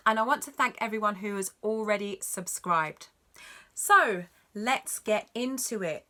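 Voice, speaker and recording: A woman leads a voice lesson at a measured pace, her mid-range tone bright and forceful. As a singing teacher, she explains technique supportively and clearly, modeling notes for the student.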